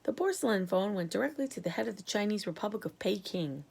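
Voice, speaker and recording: A woman, a teacher, reading a children's chapter book aloud with expressive storytelling. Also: mid-range voice, fast, gravelly, husky.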